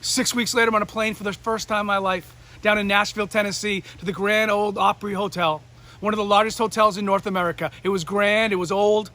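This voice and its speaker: A man from New Hampshire giving a storytelling speech as a motivational speaker, lively and acting out the people in his story. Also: sits high, fast. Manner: animated, acts out the voices of people in his story.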